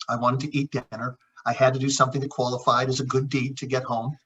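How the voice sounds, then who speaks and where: A man's voice: medium pitch, level tone, fast, fairly bright tone. A middle-aged man, a chiropractor guest, telling a story in conversation and acting out the dialogue with frequent repeats. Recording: dull lo-fi audio.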